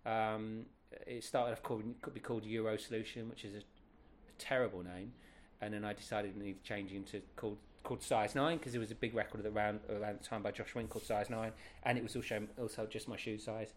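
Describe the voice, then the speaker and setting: A middle-aged man, a guest telling stories in a casual, animated way with many fillers. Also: on the low side, a little fast, hardly any pauses, a little hiss or hum. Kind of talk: casual anecdotal storytelling.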